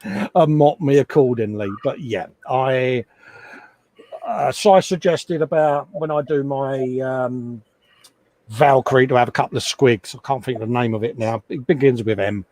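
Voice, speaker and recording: A middle-aged man talks casually into a desk microphone, self-mocking and chatty, at an ordinary middle pitch. The sound is very dry and close. He rambles on with a relaxed ease. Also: a little slow, no room sound. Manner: chatty, self-mocking, frequent laughs and asides. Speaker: livestream host. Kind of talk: casual live chat while hobby modelling. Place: home hobby workshop.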